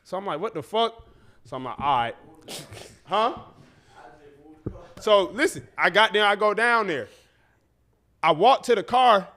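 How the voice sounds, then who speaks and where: High-voiced man telling an animated story. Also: unhurried, long pauses. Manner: animated, profane storytelling with acted-out quotes. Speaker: podcast co-host. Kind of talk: casual storytelling.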